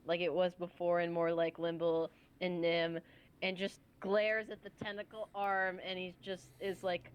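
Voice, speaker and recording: Female player, casual; lowish voice. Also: level tone, measured pace, clean tone. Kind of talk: casual tabletop play.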